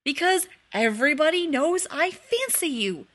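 A woman voicing a brash, lovestruck teenage boy wizard who bursts into loud, exasperated outbursts, in a husky voice. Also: fairly high pitch, moderate pace. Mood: shouting.

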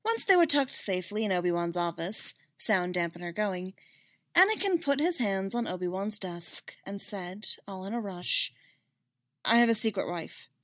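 A woman slowly narrating a fan story as an audiobook. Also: medium pitch, sing-song, fairly bright tone, no room sound, clean studio sound. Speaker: reader.

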